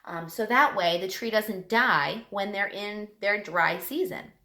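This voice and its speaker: A woman teacher giving a lesson to young children, talking in a lively, sing-song way. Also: mid-range voice, unhurried, echoey room.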